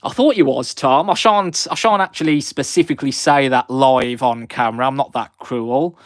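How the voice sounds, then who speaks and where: Young Black Country man, live-stream host, mid pitch, dry close sound, friendly rambling chat. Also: moderate pace, no room sound. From West Midlands of England. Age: 20s. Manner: friendly and rambling, with frequent fillers. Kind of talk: chatty live stream, greeting viewers.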